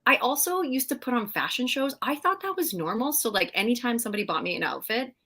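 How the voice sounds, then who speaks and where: A middle-aged woman, a guest in a casual interview, telling animated stories with frequent laughs and fillers. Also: a little high, quick pace. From Canada. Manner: animated storyteller, laughs often, many fillers. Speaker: guest actress.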